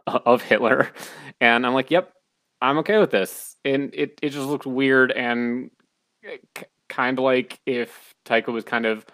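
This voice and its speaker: A man's voice: medium pitch, a bit bright, no echo. A man co-hosting a casual film podcast who rambles and restarts his sentences, sounding amused. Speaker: podcast co-host.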